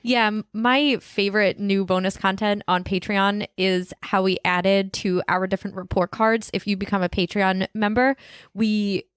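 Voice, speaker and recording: A woman co-hosting a podcast, explaining things in an upbeat, easily excited way. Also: mid-range voice, normal speed, smooth, no echo, clean studio sound. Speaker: podcast co-host. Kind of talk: casual podcast chat.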